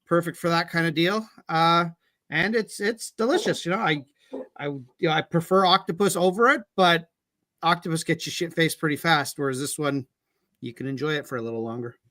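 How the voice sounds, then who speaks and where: A man's voice: on the high side, fairly quick, pushed and bright, no room sound, studio quality. A man chatting on a beer podcast, rambling and correcting himself, swearing freely. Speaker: podcast panelist reviewing beer. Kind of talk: casual chat.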